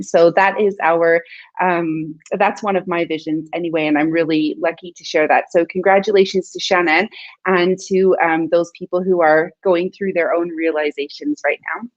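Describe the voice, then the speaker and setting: A woman's voice: on the low side, fairly even intonation, moderate pace, no room sound. A woman who co-hosts a podcast, guesting on a video-call interview and talking in an effusive, celebratory way. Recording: dull lo-fi call audio.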